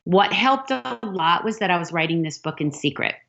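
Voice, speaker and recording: A woman's voice: lowish voice, normal speed. A middle-aged woman novelist, telling stories animatedly in an interview and acting out the dialogue. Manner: animated storyteller, acts out quoted dialogue. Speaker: novelist guest. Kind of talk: storytelling interview answer. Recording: dull lo-fi sound.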